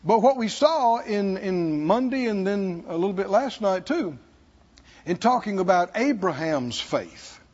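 A man preaching a sermon to a congregation, speaking slowly and pausing for asides to his listeners. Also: sits high, lively intonation, a little mellow, slightly rough. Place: church hall. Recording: dull sound in a hall with long reverb.

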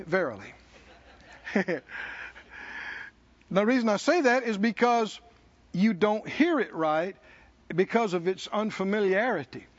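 A male preacher delivering a sermon, leading the congregation in call-and-response with slow, emphatic lines. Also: high-pitched, highs cut off.

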